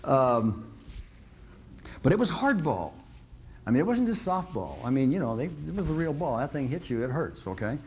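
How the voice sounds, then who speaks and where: A man's voice: mid-range voice, big pitch swings, moderate pace, a little hiss or hum. A man telling a long personal story to an audience in a folksy way, often chuckling and checking in with "okay?". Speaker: motivational speaker.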